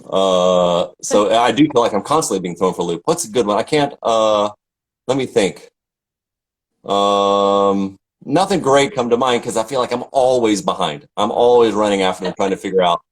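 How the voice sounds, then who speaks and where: A middle-aged opera singer from Tennessee, USA chats casually and tells stories, full of fillers and restarts. His voice is fairly low at a normal speed, and the recording is rough.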